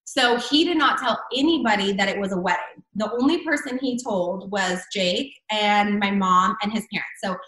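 A woman's voice: medium pitch, moderate pace, few pauses, fairly bright tone, echoey room, poor audio. A woman telling a personal story in casual chat, full of "like" and "I'm like" fillers. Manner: chatty, many fillers and "like". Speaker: guest.

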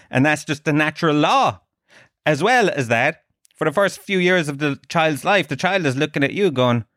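A man's voice: on the high side, expressive, moderate pace, a bit bright, dry recording, studio quality. A man, hosting a podcast with a crude, rambling comic monologue full of asides and quoted voices. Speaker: podcast host. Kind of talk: comedic monologue.

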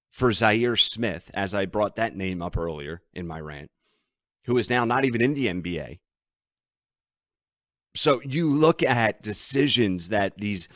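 Low-voiced man ranting about sports. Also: fairly bright tone, no room sound, studio quality. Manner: ranting, exasperated, emphatic. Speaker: podcast host. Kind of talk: sports betting podcast commentary.

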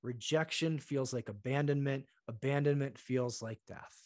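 A man's voice: mid-range voice, moderate pace, no room sound, studio quality. A man talking as a podcast guest, telling stories and acting out the voices of people in them. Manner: animated storyteller acting out quoted voices. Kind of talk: conversational interview.

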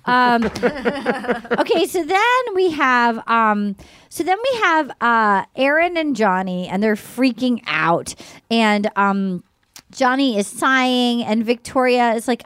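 A woman's voice: fairly high pitch, slow, clean tone, dry recording, clean studio sound. A woman hosting a casual chat, recapping a reality show and acting out the people's lines as she tells it. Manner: animated storytelling, acting out quotes. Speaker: podcast host.

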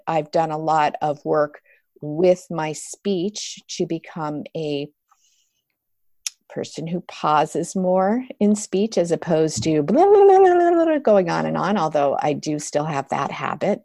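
A middle-aged woman, a yoga therapist, explaining breathing work in a relaxed interview, with many restarts and fillers. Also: sits low, creaky, no echo. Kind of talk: conversational interview.

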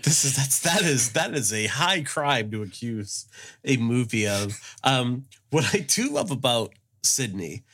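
A man's voice: medium pitch, big pitch swings, unhurried, fairly bright tone. A man co-hosting a casual film podcast, talking in an easygoing, agreeable way. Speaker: podcast co-host.

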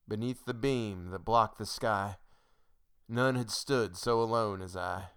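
A man giving a dramatic poetry reading in a slow, measured, somber way. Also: on the low side, a crowd in the background. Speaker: poetry reader.

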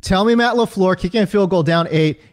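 A man's voice: high voice, brisk. A man talking sports casually as a podcast co-host, ranting with lots of fillers and repeated words. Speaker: fantasy football podcast co-host.

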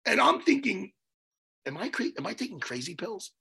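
A man telling a story on a podcast in a casual, animated way, swearing and loudly acting out what people said. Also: sits high, normal speed, vocal fry, breathy edge. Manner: animated, swearing, acts out his own quotes loudly. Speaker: podcast co-host.

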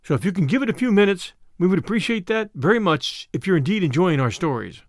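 A man hosting and narrating an audiobook show, with an expressive storytelling delivery. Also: high-pitched, fast talker, no echo, clean studio sound. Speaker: podcast host and narrator.

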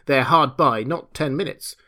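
A man's voice: mid-range voice, measured pace, pushed and bright, voice pushed up. A man reading the part of a resolute police officer who speaks in firm, clipped sentences. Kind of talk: audiobook character reading.

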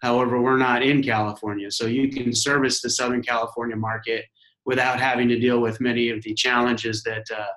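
A man's voice: mid-range voice, little pitch movement, brisk, fairly bright tone, echoey room, poor audio. A man from Arizona, a guest in a casual interview, speaking unhurriedly with frequent restarts. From Arizona, USA. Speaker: guest, commercial real estate owner.

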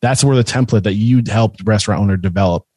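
A man hosting a webinar conversation, enthusiastic and a little halting as he talks. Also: lowish voice, a little mellow, slightly rough, dry recording. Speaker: podcast and webinar host.

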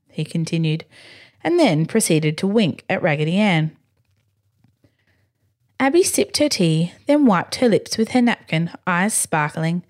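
A woman reading a bedtime story slowly and expressively. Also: on the low side. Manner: slow, expressive, gently animated. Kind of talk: scripted bedtime story narration.

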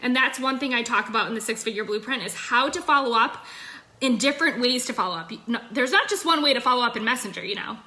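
A woman's voice: fairly high pitch, fast, bright, forceful tone. A young adult woman giving a chatty, upbeat sales coaching talk into her phone, full of fillers. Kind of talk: casual livestream coaching talk.

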